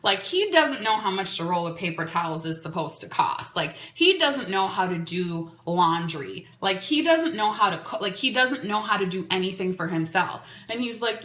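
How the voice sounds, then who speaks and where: A woman's voice: mid-range voice, normal speed, few pauses. A woman hosting a podcast, telling a dating story in a chatty way, full of "like"s. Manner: chatty, animated, many "like"s. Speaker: podcast host. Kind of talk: casual storytelling. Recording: echoey room.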